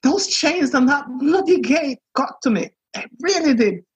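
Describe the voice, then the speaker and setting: Woman, minister, earnest reflective testimony, halting with restarts, raised pitch, dull lo-fi sound. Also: lively intonation. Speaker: minister and priest.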